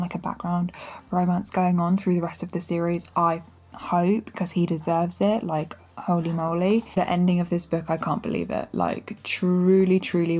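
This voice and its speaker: A woman's voice: fairly low pitch, a little mellow. A woman chatting casually and candidly in a reading vlog, talking straight to her camera. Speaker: book vlogger.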